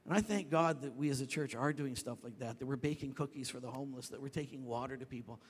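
Pastor preaching in a reverberant hall. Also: male voice, mid-range voice, fast, husky. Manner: animated storytelling, rising to shouts when reenacting. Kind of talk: sermon. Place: church sanctuary. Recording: long reverb of a large hall.

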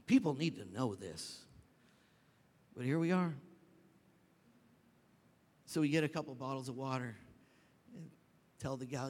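A man preaching a sermon as pastor, telling stories in an animated way that climbs to shouts. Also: medium pitch. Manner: animated storytelling, rising to shouts when reenacting. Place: church sanctuary. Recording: long reverb of a large hall.

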